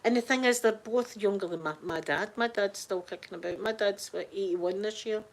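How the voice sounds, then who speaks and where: A woman's voice: medium pitch, normal speed, creaky. A middle-aged Scottish woman chatting casually on a live stream, greeting viewers in the chat by name. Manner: chatty, warm-hearted, reads out chat names.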